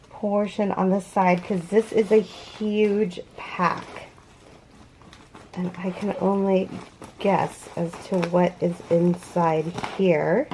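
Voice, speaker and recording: Slow-talking gushing woman crochet host. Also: medium pitch, dark tone, slight background noise. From California. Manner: gushing and awed, gasping, near tears. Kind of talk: unboxing vlog.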